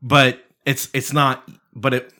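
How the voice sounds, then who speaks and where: A man co-hosting a podcast in casual chat, profane and excitable, arguing with emphasis. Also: mid-range voice, takes it slowly. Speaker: podcast co-host.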